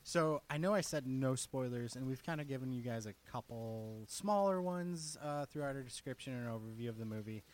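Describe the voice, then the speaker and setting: A young man hosting a podcast, relaxed as he leads the segment with quick asides. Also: mid-range voice. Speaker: podcast host. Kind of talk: casual podcast chat.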